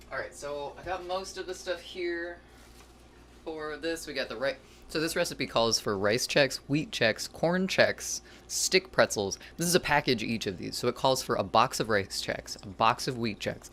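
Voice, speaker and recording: In a mid-range, fairly bright voice, this streamer cooks on camera and chats loosely with viewers. They ramble and poke fun at their own slip-ups in a self-deprecating way.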